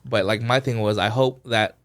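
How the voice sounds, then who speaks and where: A man's voice: fairly low pitch, moderate pace. A man co-hosting a podcast, casually retelling a story with lots of "like" and acted-out quotes. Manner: animated retelling, acts out quoted voices, fillers like "like". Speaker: podcast co-host.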